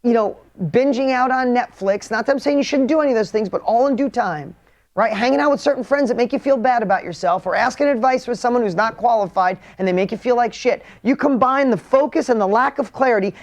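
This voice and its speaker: Blunt, punchy motivational speaker man. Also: very high-pitched. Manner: energetic, blunt, swings from loud to hushed. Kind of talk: motivational talk to an audience.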